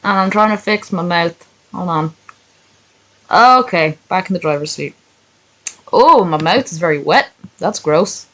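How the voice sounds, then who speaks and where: A woman's voice: on the low side, animated, a little slow, pauses often, a bit bright, low-quality recording. A young woman streaming, reading a story aloud and breaking off into sarcastic, swearing asides to her chat. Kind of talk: live-stream reading and commentary.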